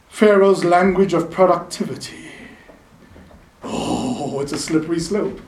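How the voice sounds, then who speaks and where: A man preaching a sermon in a chapel, animated and playful, calling on the congregation to answer him. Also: on the high side, a little slow, creaky. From South Africa. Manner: animated, playful, calls for audience response. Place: chapel in the mountains. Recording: echoey chapel, voice from a distance.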